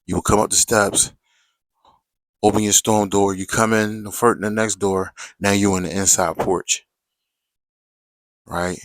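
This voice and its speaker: A man spins a story in a low voice, loose and full of slang, tossing in "right?" every few lines. The sound is close and dry, with no room around it. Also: flat delivery, measured pace, pauses often, no echo. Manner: slangy, chatty, repeats "right?" and "you know". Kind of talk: casual storytelling to viewers.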